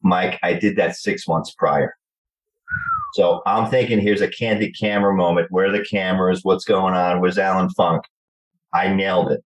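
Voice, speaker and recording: A middle-aged man with a New Jersey accent, telling lively stories in an interview and acting out the people in them. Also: deep voice, moderate pace, rough recording. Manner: animated storyteller acting out quoted voices. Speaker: guest actor. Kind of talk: storytelling interview chat.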